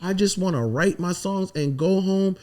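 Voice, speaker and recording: A man from the Virgin Islands, a songwriter telling animated, emphatic stories and swearing freely in a casual podcast interview. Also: high voice, normal speed. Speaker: songwriter guest.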